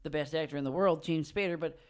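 A man's voice: fairly high pitch, quick pace. A man co-hosting a casual podcast, joking and sarcastic in banter. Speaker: podcast co-host. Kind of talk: casual chat.

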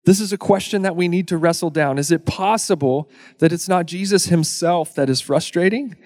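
A man preaching a sermon in a casual, joking way, acting out the crowd's lines in quick asides. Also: fairly high pitch, a little mellow. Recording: long hall reverb.

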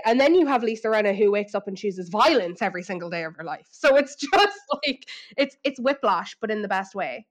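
Irish woman podcast co-host, casual, animated, fairly high voice, does quick impressions. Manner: chatty, animated storytelling with exaggerated impressions. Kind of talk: casual chat.

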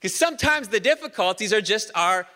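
A man preaching a sermon in a church, energetic and conversational, with humor. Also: high voice, fairly quick, long reverb tail. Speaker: pastor. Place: church auditorium.

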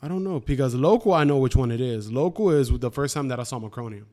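A man in his twenties chats casually at a quick pace in a medium-pitched voice. He tells profane stories with lots of animation, acting out the quotes.

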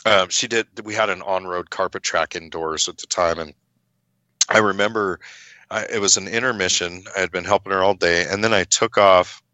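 A middle-aged man telling a long story in casual chat, animated, acting out the people he quotes and swearing freely. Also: deep voice, normal speed, no echo. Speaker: guest telling his story.

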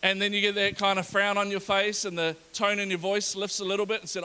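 A middle-aged male pastor preaching a sermon with lively energy, reading scripture aloud with rising emphasis. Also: high-pitched, brisk, hardly any pauses, smooth. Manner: energetic, animated preaching to a congregation.

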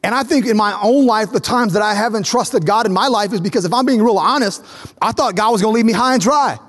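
A high-pitched, fairly bright voice belongs to a male pastor in his thirties who talks fast. His sermon mixes storytelling with acted-out dialogue and climbs into fervent repetition, echoing with the long reverb of a large church hall.

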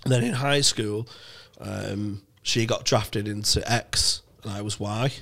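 A man's voice: lowish voice, a little slow, vocal fry, a bit bright. Sweary young man telling stories. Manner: rambling, sweary storytelling with restarts. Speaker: comedy podcast co-host. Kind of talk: casual storytelling chat.

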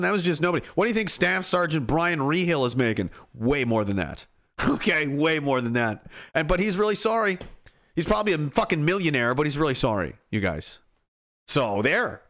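A man's voice: fairly high pitch, fairly bright tone. A man hosting a commentary show, delivering an angry political rant that is profane, sarcastic and mocking.

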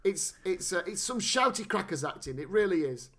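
A man co-hosting a casual, sweary chat, animated and fond of putting on mock voices. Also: high voice, normal speed. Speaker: podcast co-host.

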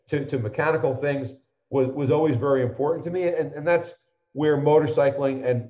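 A man in his fifties tells long anecdotes in conversation, acting out the people he quotes. His voice is medium-pitched, and the recording is muffled and reverberant.

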